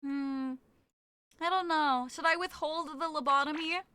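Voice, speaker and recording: A woman's voice: high voice, steady tone, unhurried, bright, forceful tone. A woman streamer chatting casually with her viewers, playful and teasing as she reads their messages aloud.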